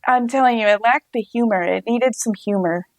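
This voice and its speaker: A woman's voice: fairly high pitch, fairly quick, dry recording. A woman co-hosting a podcast in casual chat, talking frankly and filling her sentences with "like". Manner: chatty, frank, many filler likes. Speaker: podcast co-host.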